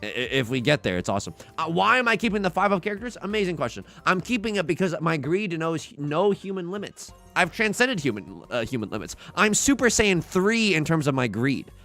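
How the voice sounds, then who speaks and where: A young man streams a tile game, joking and talking through his moves with his chat. His voice sits a little high and jumps around a lot, with a gravelly edge. Faint music plays under him. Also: sing-song, fairly quick, few pauses, sharp tone. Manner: playful, jokey, talks to chat. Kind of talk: live game commentary.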